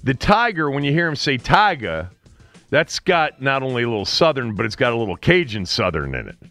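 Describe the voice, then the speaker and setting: A man hosting a sports talk show, chatting casually with quick laughing asides. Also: mid-range voice, very animated, a bit bright, soft background music. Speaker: radio host.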